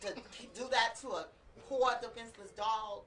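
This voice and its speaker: A woman's voice: on the high side, normal speed, fairly bright tone, reverberant, recorded from a distance, low-quality recording. A woman guest on a comedic talk show, dramatic and exclaiming, often stammering. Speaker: guest judge.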